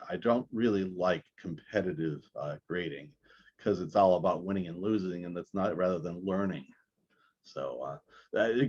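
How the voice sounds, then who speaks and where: A man teaching a math class over a recorded video call, talking in a halting way with many restarts. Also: sits low, slightly rough, dull audio. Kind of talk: recorded online class lecture.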